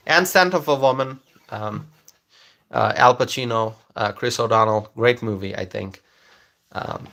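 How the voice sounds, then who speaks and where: A man's voice: medium pitch, sharp tone. A man giving a casual monologue to camera as a political commentator. He halts with many fillers and restarts, and repeats key phrases for emphasis.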